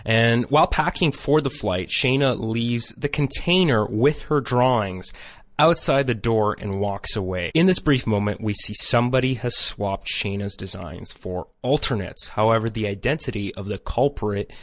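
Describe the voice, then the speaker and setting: A man's voice: fairly low pitch, normal speed, dry recording, studio quality. Man recapping a cartoon episode wryly. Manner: wry, joking asides. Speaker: podcast co-host recapping episodes. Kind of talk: casual recap narration.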